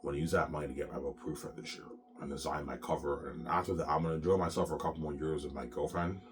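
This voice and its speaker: A man's voice: extremely low pitch, fairly even intonation, racing, noisy background. A sick, coughing man hosting his own show in a rambling, profane monologue that keeps coming back to "man". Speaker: solo show host.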